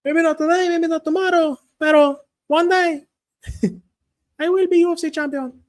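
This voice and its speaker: A man putting on an adult male fighter who speaks English in a high, strained, sing-song voice. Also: steady tone, normal speed. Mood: defiant. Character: grown man cheering in Spanish-accented English, high and strained.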